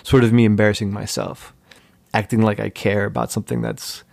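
Laid-back man with a gravelly low voice. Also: big pitch swings, fairly quick, a little mellow, no echo. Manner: laid-back, jokey, mimics voices in anecdotes. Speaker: podcast guest. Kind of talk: casual storytelling.

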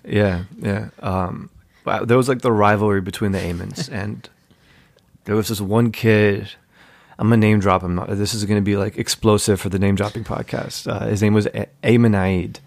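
A man's voice: lowish voice, fairly even intonation, moderate pace, vocal fry, a little mellow, no room sound. A man telling casual, jokey stories as a podcast guest, in a laid-back way. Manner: laid-back, jokey, mimics voices in anecdotes. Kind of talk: casual storytelling.

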